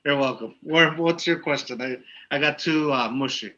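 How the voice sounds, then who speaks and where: A man co-hosting a laid-back podcast, talking in loose, rambling sentences full of fillers. His voice is bright and forceful. The audio is slightly muffled and lo-fi. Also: fairly high pitch, a little slow. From Texas. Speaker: podcast co-host. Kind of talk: casual podcast interview.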